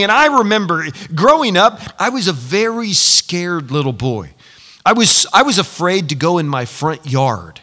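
A man preaching a sermon as pastor, animated and building to loud, emphatic peaks. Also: high voice, a little slow. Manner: repeats himself when excited.

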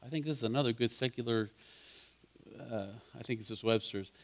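Briskly and at medium pitch, a man teaches a Bible study as its pastor. He preaches interactively, asking the group questions, and his conversational tone rises into fervent emphasis.

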